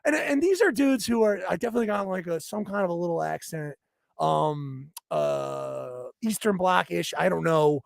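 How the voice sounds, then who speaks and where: A man's voice: high voice, big pitch swings, moderate pace, gravelly, no room sound, studio quality. A man co-hosting a casual podcast, telling a heated, profane story as a rant. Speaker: podcast co-host.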